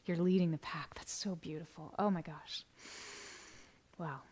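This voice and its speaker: A woman hosting a live stream, reading viewer comments aloud in a soft voice that often drops to a whisper, with bursts of laughter and sung birthday greetings. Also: lowish voice, fairly even intonation, unhurried, slightly rough. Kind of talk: live stream chat, gentle and affirming.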